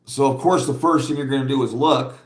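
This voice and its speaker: A man talks casually to his livestream viewers, rambling and blunt, often breaking into laughter as he reads their comments. His voice sits at an ordinary middle pitch. The sound carries a roomy echo. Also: fairly quick. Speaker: livestream host.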